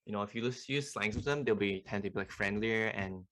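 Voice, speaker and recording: A man's voice: fairly low pitch, a little fast. A young man casually teaching a beginner language lesson as a student club tutor, chatty and loose with lots of fillers. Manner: relaxed, chatty, many fillers like "like" and "you know".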